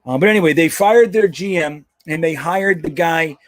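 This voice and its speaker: A man's voice: fairly high pitch, normal speed, no room sound. A man hosting a casual live stream, rambling and joking with plenty of swearing. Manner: rambling, profane, jokey. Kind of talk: casual live-stream chat about football.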